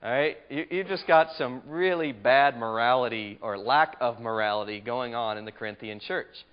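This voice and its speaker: A man's voice: medium pitch, moderate pace, clear, resonant tone. A man teaching a Bible study lecture in a conversational, emphatic way, asking his class questions, on a muffled lo-fi recording.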